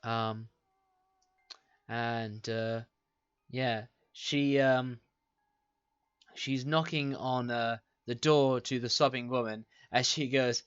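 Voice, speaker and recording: A man's voice: medium pitch, fairly even intonation, takes it slowly, pauses often, clear, resonant tone, dry recording, muffled recording. A man narrating a tabletop game as game master, hesitant with many fillers, on a home mic.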